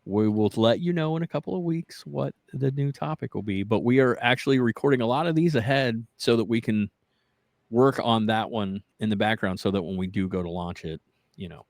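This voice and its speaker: A man's voice: fairly low pitch, a little fast, creaky, a little mellow, dry recording. A man hosting a casual podcast chat, rambling loosely and laughing often. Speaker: podcast host.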